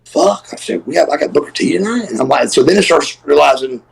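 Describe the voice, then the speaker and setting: A middle-aged man with a deeply gravelly, husky voice tells a profane story in a casual chat. He is animated and throws himself into the quoted lines. His voice sits a little high for a man. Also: fast, poor audio. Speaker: guest, former pro wrestler. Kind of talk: casual storytelling on a live stream.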